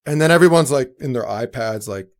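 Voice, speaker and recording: A young man, a guest in a casual interview, telling animated stories and acting out other people's voices, with lots of fillers. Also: mid-range voice, brisk. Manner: animated, acts out quoted voices, many fillers. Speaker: actor and entrepreneur, guest.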